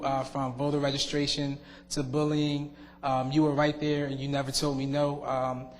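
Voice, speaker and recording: Young man with filler-heavy halting speech. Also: a little high, a little hiss or hum. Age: young adult. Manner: halting, many fillers and restarts. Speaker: outgoing student board member. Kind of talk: farewell speech at a public meeting. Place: school board meeting room. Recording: long reverb in a meeting hall.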